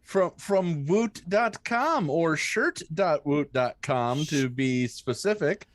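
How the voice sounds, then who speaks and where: A man in a casual chat, wry and slow, searching for words. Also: fairly high pitch, animated.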